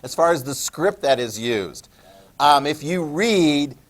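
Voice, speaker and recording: A man's voice: fairly high pitch, expressive, slow. Man, history teacher, classroom lecture, casual and joking. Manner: casual, joking, asks students questions.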